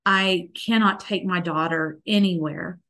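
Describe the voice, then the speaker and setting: A woman's voice: on the low side, unhurried, fairly bright tone. A woman in her thirties, a podcast guest, telling a personal story in an earnest, tender way, with many "like" fillers. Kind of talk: heartfelt conversational storytelling.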